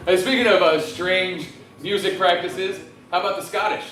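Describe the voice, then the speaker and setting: Crude, loud male stand-up comic. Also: sits high, fairly even intonation, measured pace, distant mic. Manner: crude, loud, laughs at own jokes. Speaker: stand-up comedian. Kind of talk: live stand-up set. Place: restaurant stage. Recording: echoey room heard from afar.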